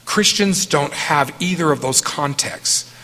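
A middle-aged man answering questions after a talk, earnest and emphatic, weighing his words in slow deliberate phrases. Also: on the high side, animated, pushed and bright, long reverb tail.

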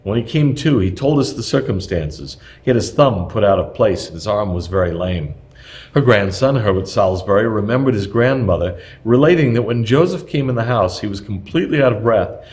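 A man narrating a nonfiction history text aloud, reading at a measured, even pace. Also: lowish voice.

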